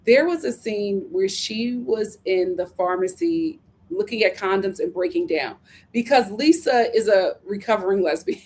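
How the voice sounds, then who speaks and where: A woman hosting a casual reality TV recap, sassy and animated, laughing often as she talks. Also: medium pitch, moderate pace, slightly rough.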